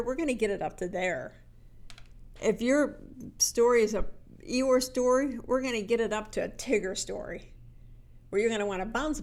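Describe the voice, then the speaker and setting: A middle-aged woman, a life coach, giving an energetic motivational talk and acting out the voices in her stories. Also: medium pitch. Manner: energetic, animated storytelling with quoted inner voices.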